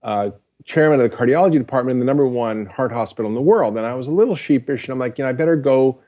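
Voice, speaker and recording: A man's voice: mid-range voice, animated, racing, dull audio. A man who is a physician, a guest on a podcast, earnestly explaining science and telling anecdotes. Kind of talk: casual interview chat.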